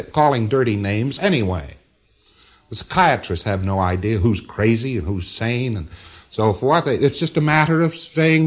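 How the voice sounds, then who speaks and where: A man's voice: mid-range voice, highs cut off. A man giving a lecture to a class of trainees, emphatic and rambling, often repeating words and restarting. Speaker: lecturer to auditors. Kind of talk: recorded lecture.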